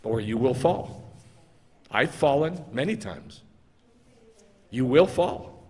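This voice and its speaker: A man's voice: mid-range voice, expressive, takes it slowly. A man, a rabbi, preaching a sermon to his congregation with emphatic repetition and rhetorical questions. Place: congregation sanctuary. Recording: long hall reverb.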